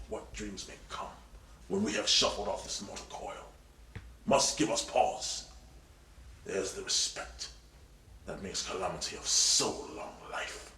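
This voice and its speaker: A man's voice: fairly low pitch, steady tone, takes it slowly, pauses often, pushed and bright, echoey room, low-quality recording. A man giving a grand theatrical recitation of a classic monologue at an audition. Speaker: actor in an audition sketch.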